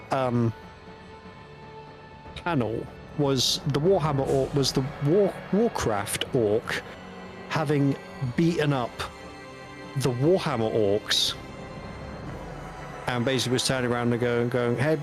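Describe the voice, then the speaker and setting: A man's voice: mid-range voice, takes it slowly, pauses often, music in the background. Wry, rambling man chatting. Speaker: stream co-host, hobby painter. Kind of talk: casual chat.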